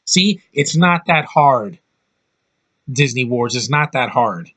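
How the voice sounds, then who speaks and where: A man's voice: mid-range voice, expressive, slow pace, a bit bright. A man giving a casual, rambling film review with blunt opinions and lots of restarts.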